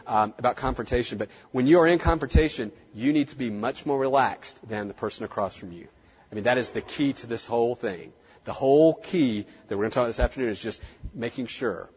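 Southern guy lecturing a room, husky voice, kinda high, long hall echo. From American South. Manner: conversational, repeats words, demonstrates on stage. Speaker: workshop presenter. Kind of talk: live seminar lecture. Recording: dull recording in a large reverberant hall.

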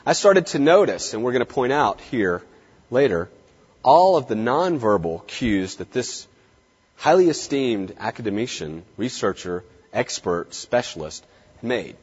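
A middle-aged man giving a lively lecture to veterinary students, swinging his tone and pace for drama. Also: medium pitch, unhurried, breathy edge. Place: large lecture hall. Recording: dull, echoey lecture hall recording.

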